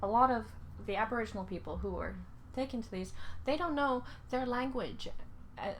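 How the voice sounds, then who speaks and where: Halting, pausing woman reacting on camera. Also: on the high side, slight background noise. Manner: pausing often, searching for words. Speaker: reaction video host. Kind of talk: casual reaction commentary.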